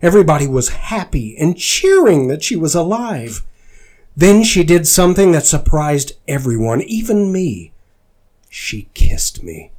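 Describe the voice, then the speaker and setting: A man's voice: fairly high pitch, very animated, unhurried, darkish tone. A man reading a fan story aloud as a dramatic performance, voicing the narrator earnestly. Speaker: fanfiction reader.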